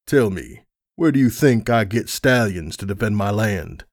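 A scheming stallion warlord voiced by a man talks low and quiet, every line laced with contempt. His voice sits close and dry, with no room around it. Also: animated, a little slow, no room sound. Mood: cold contempt.

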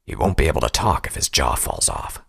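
A man voicing a calm, cold male pony captain who questions a prisoner flatly, with a gravelly voice. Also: rumbling low, brisk, voice pushed down, heavily acted. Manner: flat, patient. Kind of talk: audiobook character voice.

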